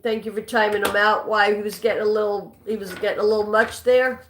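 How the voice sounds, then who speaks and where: A woman's voice: mid-range voice, fairly even intonation, fairly quick, slight background noise. A woman hosting a live-stream trivia game, chatting with viewers and reading questions aloud, sometimes stumbling and restarting a line. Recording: echoey room.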